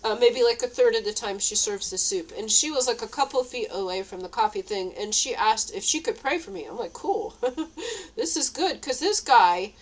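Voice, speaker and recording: A woman's voice: a little high, lively intonation, normal speed, rough recording. A woman talking to camera in a rambling, casual monologue, full of fillers and nervous laughs, now and then turning indignant. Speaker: vlogger.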